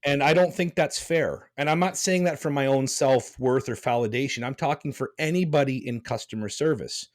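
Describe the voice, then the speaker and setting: A man's voice: medium pitch, normal speed, few pauses. A man hosting a podcast, talking bluntly and passionately, rambling with restarts. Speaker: podcast host. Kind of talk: casual podcast chat.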